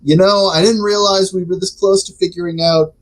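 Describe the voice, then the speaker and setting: A man's voice: sits high, fairly even intonation, a little fast. A man playing a tabletop game, joking and rambling casually in character. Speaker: player.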